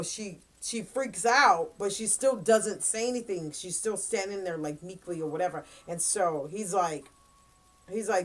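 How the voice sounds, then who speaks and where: A woman chatting casually as a book reviewer, retelling a plot in a rambling way with lots of fillers and quick quoted lines. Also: fairly low pitch.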